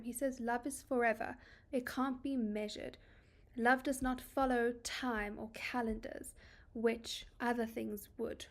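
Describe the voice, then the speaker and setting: South African woman tutor, gravelly voice. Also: a little high, steady tone, a little slow. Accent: South African English. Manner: explains lines by paraphrasing them casually, with many ums and likes. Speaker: English literature tutor. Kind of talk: poetry analysis lesson.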